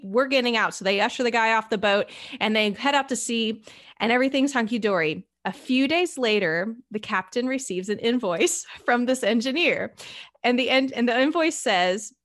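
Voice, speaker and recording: A woman podcast host telling a story in a conversational way, acting out the characters' lines as she goes. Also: on the high side. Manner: animated storyteller, acts out quoted characters.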